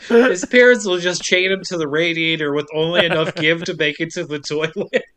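A young man co-hosting a casual comedy podcast, recapping a story with jokes and quick silly voices. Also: on the high side, a bit bright. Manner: jokey, does quick silly voices for characters, laughs often. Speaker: podcast co-host.

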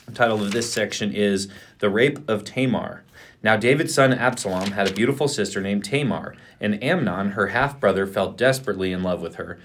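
A man co-hosting a podcast, reading scripture aloud in a steady, plain way. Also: on the low side, brisk, slight background noise. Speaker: podcast co-host.

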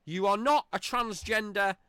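A man's voice: high-pitched, normal speed, sharp tone, smooth, no room sound, clean studio sound. A man hosting a podcast, delivering a profane, rambling and mocking rant on his own. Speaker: podcast host. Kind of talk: ranting podcast monologue.

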